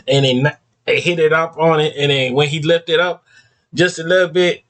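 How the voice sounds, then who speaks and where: A man's voice: fairly high pitch, fairly even intonation, normal speed, a bit bright. Slangy man chatting in a reaction video. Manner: loose slangy talk, calls listeners son and bro; laughs often. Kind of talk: casual reaction chat.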